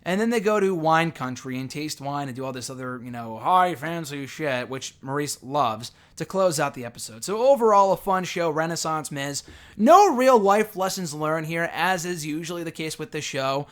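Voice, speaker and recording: A man's voice: a little high, lively intonation, moderate pace, a bit bright. A young man casually recapping a reality show episode, rambling with frequent fillers and self-corrections. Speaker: show reviewer.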